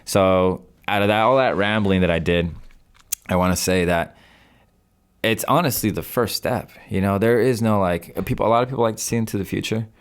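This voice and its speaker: A man's voice: lowish voice, a little fast, clean tone. A man in his twenties, a podcast guest, telling a story in casual talk and acting out his own past phone calls. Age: 20s. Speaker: podcast guest, real estate investor.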